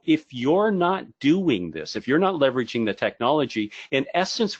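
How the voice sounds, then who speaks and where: A man giving an animated, jokey webinar presentation on video marketing to brokers, with self-deprecating asides. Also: mid-range voice, no room sound, muffled recording.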